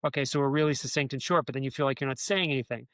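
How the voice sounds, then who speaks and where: Male guest in a casual interview, rambling storyteller, mid pitch, dry close-miked sound. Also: racing, a bit bright, no room sound. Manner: rambling, many restarts and "you know" fillers. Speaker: guest, former speechwriter.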